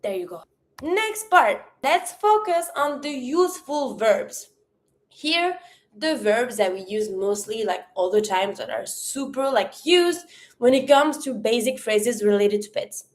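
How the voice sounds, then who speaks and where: Lively French teacher, woman. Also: on the high side, a little slow. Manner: clear drilled pronunciation, repeats words in pairs. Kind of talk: online language lesson.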